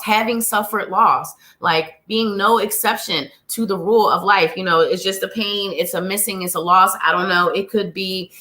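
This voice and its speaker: Bright and forceful, this mid-range female voice belongs to a psychic running a live show. A little out of breath, she chats warmly, welcomes viewers by name and turns over tarot cards in a cheerful, bubbly manner.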